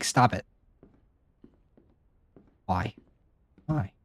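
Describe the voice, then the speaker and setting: A man streaming a horror game live, reacting out loud, swearing and chatting to viewers. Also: deep voice, slow, dry recording. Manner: jumpy, swears often, chats to viewers. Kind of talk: live gameplay commentary.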